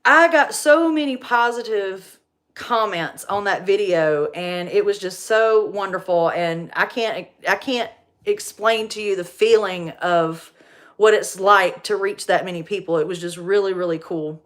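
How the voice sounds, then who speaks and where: Chatty woman livestreaming. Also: medium pitch. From North Carolina. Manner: chatty and animated, quick to laugh. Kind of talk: casual livestream chat.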